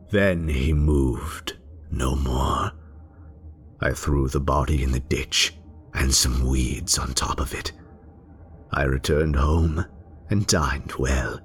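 A male narrator giving a theatrical first-person story reading, lingering on words and dropping into hushed whispers. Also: extremely low pitch, fairly even intonation, slow pace, long pauses, a little hiss or hum.

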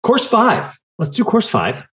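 A man hosting a podcast in casual chat, teasing and deadpan sarcastic. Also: high-pitched, slow pace. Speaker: podcast host.

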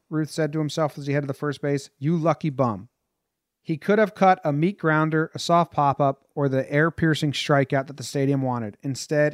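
A man's voice: a little high, dry recording, clean studio sound. Man reading aloud with slangy asides. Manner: storytelling, breaks off into loose slangy comments. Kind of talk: reading a book passage aloud with casual asides.

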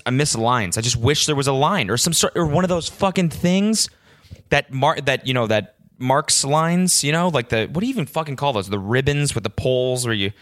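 A man's voice: medium pitch, a bit bright, no room sound, studio quality. A man hosting a solo podcast, telling a story as an exasperated rant full of swearing. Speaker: podcast host.

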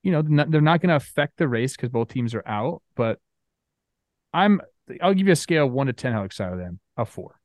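A male co-host in easygoing sports chat, his voice in a middle pitch range. He rambles along casually, with lots of "like" and "you know." The sound is dry and close. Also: brisk, no echo. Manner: relaxed, rambling, with filler words. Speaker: baseball show co-host.

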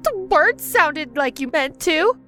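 A woman's voice: sits high, sing-song, slow, a bit bright, soft background music. A woman player in casual game chat, quippy and teasing.

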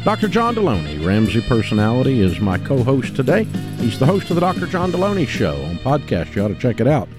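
An older man hosting a call-in advice radio show, talking in an emphatic, folksy way that swings from booming to hushed. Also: very animated, a little fast, over music. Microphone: studio microphone.

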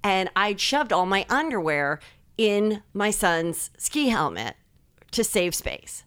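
A middle-aged woman, a comedian, telling animated stories full of fillers and swearing, acting out other people's voices. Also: mid-range voice, slow, clear, resonant tone, no room sound. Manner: many filler likes. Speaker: guest comedian. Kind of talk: casual storytelling chat.

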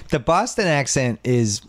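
A man's voice: mid-range voice, no room sound. Opinionated man hosting a podcast, dry mic. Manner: opinionated, talks in short bursts with restarts. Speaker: podcast host. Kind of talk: casual pop culture chat.

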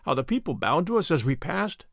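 A man's voice: a little high, big pitch swings, a little fast, vocal fry, no room sound, clean studio sound, heavily acted. A man voicing a young, doubtful secretary in an audiobook, speaking with a wondering tone.

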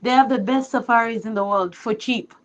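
A woman's voice: a little high, fairly quick. Chatty confident woman caller, lo-fi audio. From Africa. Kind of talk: live call-in show.

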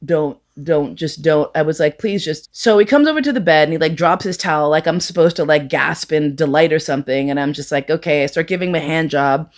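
Brief: woman, lowish voice, bawdy live storyteller, profane, playful, acts out every quote. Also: fast, few pauses. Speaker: storyteller guest.

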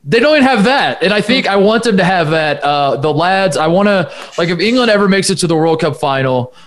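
An American man rambles through a casual sports conversation as a podcast co-host. He talks in an animated way, restarting sentences and piling on asides. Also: high voice, fairly quick.

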